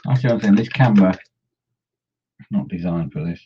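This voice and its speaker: A man's voice: deep voice, lively intonation, brisk, dark tone, slight background noise. A man chatting casually while painting miniatures, rambling and humming to himself. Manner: rambling, hums and mumbles to himself. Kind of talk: casual chat while working. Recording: dull lo-fi sound.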